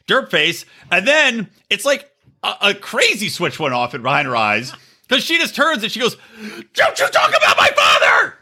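A man co-hosting a podcast, swearing freely as he recaps a reality show with lively mimicry. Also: slightly rough. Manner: profane, animated storytelling with shrill mimicry. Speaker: podcast co-host. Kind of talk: crude casual chat, recapping a reality show.

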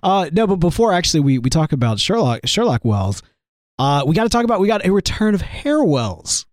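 A man's voice: high-pitched, very animated, brisk, dry recording, clean studio sound. A man hosting a live fan podcast about a TV show, chatting enthusiastically with a weak, strained voice from illness. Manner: enthusiastic, rambling. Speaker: podcast host. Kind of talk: casual fan discussion.

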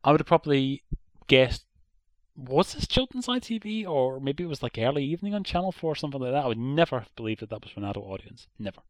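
A man's voice: mid-range voice, big pitch swings, fast talker, no room sound. An Irish man co-hosting a podcast, giving a blunt, opinionated critique in a casual chat. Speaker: podcast co-host.

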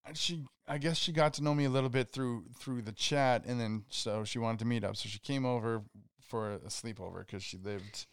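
Young man, rambling storyteller, casual podcast chat, smooth resonant voice, dry close sound. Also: medium pitch, normal speed, no echo. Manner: rambling, swearing, acts out quotes. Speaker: podcast co-host.

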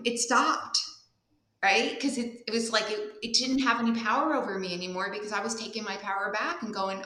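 A woman guest telling personal stories in a candid, animated way, laughing often during the interview. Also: mid-range voice, a little fast, roomy sound, low-quality recording. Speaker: guest speaker and coach. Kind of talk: casual interview storytelling.

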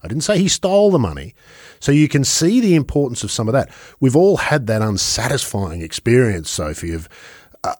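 A man's voice: mid-range voice, darkish tone, no room sound, clean studio sound. A man hosting an interview, chatty and asking long, winding questions. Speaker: host. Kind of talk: podcast interview.

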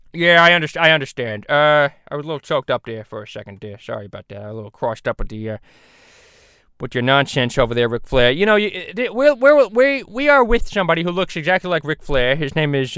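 A man's voice: medium pitch, fairly bright tone, clean tone, no room sound, studio quality, lightly acted. A man voicing a bumbling middle-aged cartoon dad who rambles hesitantly with many fillers. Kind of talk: parody voice acting.

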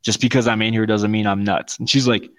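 A man's voice: lowish voice, a little fast. A man telling a long story in casual podcast chat, swearing freely and acting out what everyone said. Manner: profane, animated storytelling with quoted voices. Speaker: podcast co-host.

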